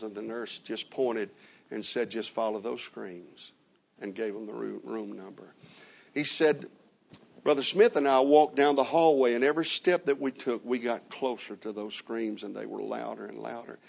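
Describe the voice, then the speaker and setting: Gravelly-voiced male preacher telling a story. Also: mid-range voice. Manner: slow, dramatic retelling with many reported quotes. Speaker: traveling preacher. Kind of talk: sermon storytelling.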